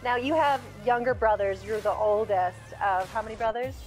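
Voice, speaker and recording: A woman with a fairly high voice hosts an interview, teasing her guest with playful questions. Soft music sits faintly under her voice. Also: poor audio. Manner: playful, joking, quick to laugh between questions. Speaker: interview host. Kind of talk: upbeat interview hosting.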